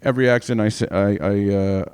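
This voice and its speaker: Smooth-voiced rambling comic man. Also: on the low side, steady tone, fairly quick, darkish tone. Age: 40s. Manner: rambling, profane, self-mocking. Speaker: stand-up comedian. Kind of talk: stand-up comedy set.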